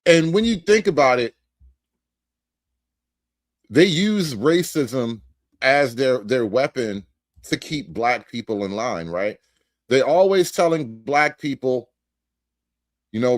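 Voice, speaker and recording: A man's voice: mid-range voice, expressive, takes it slowly, pauses often, no echo, studio quality. A man giving livestream commentary in a sarcastic, incredulous and rambling way. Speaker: streamer and commentator.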